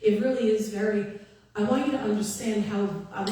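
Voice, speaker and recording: A woman in her fifties tells her own story to a gathered audience, candid and emphatic, hammering points home with short repeated phrases. Her voice is mellow and dark, and it reaches the mic from a distance across a very reverberant hall. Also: medium pitch, fairly even intonation, brisk, soft background music. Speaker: guest speaker giving a personal testimony. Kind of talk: personal testimony speech to an audience. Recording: echoey hall, voice from far off.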